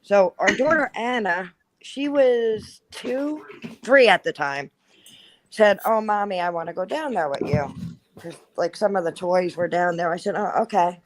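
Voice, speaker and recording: A woman in her thirties, a guest storyteller, tells a personal ghost story in casual chat, speaking at a measured pace in a medium-pitched voice. She's chatty, says "like" constantly and acts out quotes, and the audio is poor.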